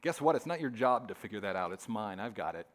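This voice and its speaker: A man voicing God as a calm, reassuring, fatherly figure, quiet and steady. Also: fairly low pitch, fast talker, voice pushed down, close to an everyday voice.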